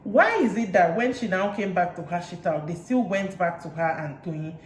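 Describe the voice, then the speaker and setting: A woman's voice: fairly low pitch, moderate pace. Chatty Nigerian woman in an echoey room. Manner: chatty, retells scenes with lively asides. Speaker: reality TV reviewer. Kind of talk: casual recap chat. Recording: roomy room echo, faint hiss.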